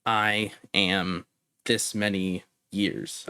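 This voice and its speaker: A young man gives a relaxed language lesson, hesitating often and drawing out each foreign phrase syllable by syllable. His voice is smooth and clear. The recording is close and dry, with no room sound. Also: on the low side, no echo. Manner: halting, with many ums and uhs; slows down to spell out phrases. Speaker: language teacher.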